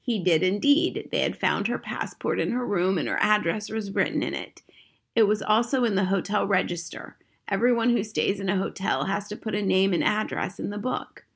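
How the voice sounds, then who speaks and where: A woman reading aloud, voicing a calm, wise older grandmother who speaks slowly, softly and with measure. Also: medium pitch, creaky, husky. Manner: slow, soft and measured.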